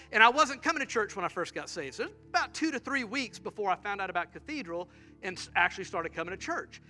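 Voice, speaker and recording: A middle-aged pastor, preaching a sermon and telling funny stories with acted-out quotes. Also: male voice, high-pitched. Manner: animated, humorous storytelling with acted-out quotes.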